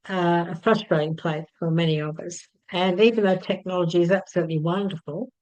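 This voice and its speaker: Low-voiced woman leading a healing session. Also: a little mellow, rough recording. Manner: repetitive soothing affirmations, then chatty with fillers and laughs. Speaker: EFT healing teacher. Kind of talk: guided tapping session and casual talk.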